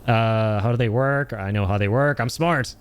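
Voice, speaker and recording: A man's voice: medium pitch, moderate pace, slight background noise. Chatty man streaming a game. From India. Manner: chatty, laughs often, greets chat. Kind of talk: casual live-stream commentary.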